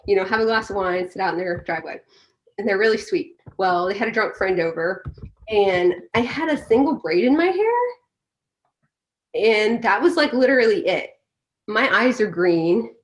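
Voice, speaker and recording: Woman, interview guest, casual and candid, animated storytelling, mid-pitched voice. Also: normal speed.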